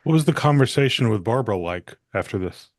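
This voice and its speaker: A man's voice: medium pitch, expressive, fast, dry recording, studio quality. A man co-hosting a podcast, putting direct questions to a guest. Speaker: podcast co-host. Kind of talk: interview questions.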